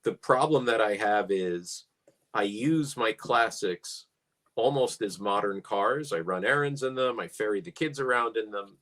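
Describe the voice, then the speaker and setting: Relaxed low-voiced man chatting about cars. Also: unhurried. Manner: relaxed, musing, dry humor. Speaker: podcast co-host. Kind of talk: casual car chat.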